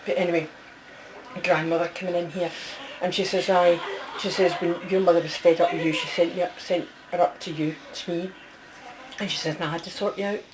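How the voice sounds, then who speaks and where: A woman works as a medium in a close, one-to-one reading. Her voice sits a little low. She talks in a chatty stream, relaying what she hears and constantly asking whether it makes sense. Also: fairly even intonation, a little fast, heavy background noise. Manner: chatty, relays messages, keeps checking with the sitter. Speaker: psychic medium.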